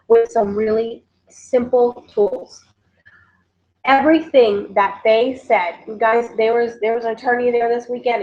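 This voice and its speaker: A woman, a team leader giving an energetic motivational recap who keeps calling her listeners "guys". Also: on the high side. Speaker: network marketing team leader. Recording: dull lo-fi sound.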